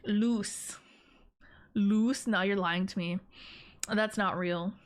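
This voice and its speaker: A woman's voice: mid-range voice, fairly even intonation, slow. A woman streaming live, chatting casually with her viewers in a rambling, giggly, playful way. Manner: playful teasing of her chat.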